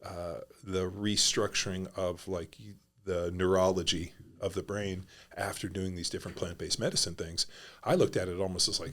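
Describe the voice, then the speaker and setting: A man's voice: low voice, flat delivery, moderate pace, fairly bright tone. A man hosting a podcast in a casual, blunt and profane way, rambling through his thoughts. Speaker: podcast host.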